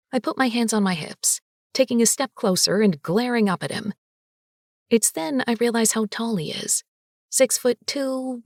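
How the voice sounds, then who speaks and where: Bright, sassy woman audiobook narrator. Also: on the high side, no echo, clean studio sound. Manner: lively, sassy, expressive reading. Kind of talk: first-person audiobook narration.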